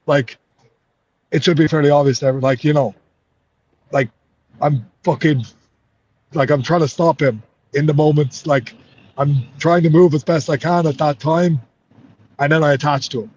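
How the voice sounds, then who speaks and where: An Irish man in an interview, talking in a heated, frustrated way and swearing freely. His voice sits a little high, and the recording sounds dull and lo-fi. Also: steady tone, moderate pace, long pauses, a little mellow, slight background noise. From Ireland. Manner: heated, swears a lot, says mate. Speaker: MMA fighter.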